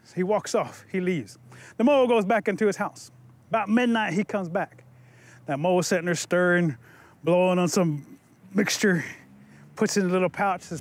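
A male storyteller with a notably high voice, telling a folk tale in a lively, conversational way. He shifts his voice freely and talks straight to his listeners. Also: fairly quick. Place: museum.

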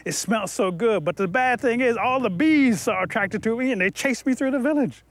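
A man's voice: very high-pitched, brisk, voice pushed up. A man voicing a shy, lovesick young man in a told folktale, pleading and earnest. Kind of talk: oral storytelling.

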